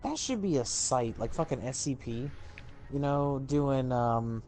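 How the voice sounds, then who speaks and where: A man's voice: mid-range voice, expressive, measured pace, a little mellow, soft background music. A man chatting casually over gameplay, crude and teasing, rambling through his points. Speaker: gamer.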